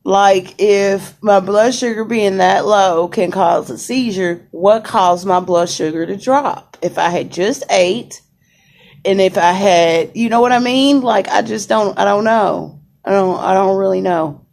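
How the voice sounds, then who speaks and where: A woman's voice: medium pitch, measured pace, vocal fry, a little mellow. A young woman chatting casually to viewers from a hospital room on a phone camera, saying y'all and greeting commenters. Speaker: vlogger.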